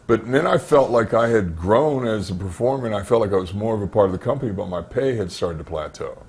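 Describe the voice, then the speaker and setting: A man, a former pro wrestler, telling backstage stories in a candid interview, animated and conversational, acting out the exchanges he recounts. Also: lowish voice, fast, vocal fry. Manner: animated, acts out dialogue in anecdotes; frequent fillers and restarts, conversational. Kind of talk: storytelling shoot interview.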